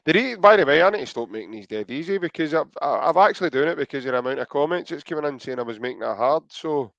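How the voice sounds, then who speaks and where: A man's voice: fairly high pitch, expressive, quick pace, vocal fry, fairly bright tone, dry recording, muffled recording. Chatty Scottish man hosting a podcast. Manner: joking, chatty, hesitant. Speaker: podcast host. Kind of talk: casual podcast chat.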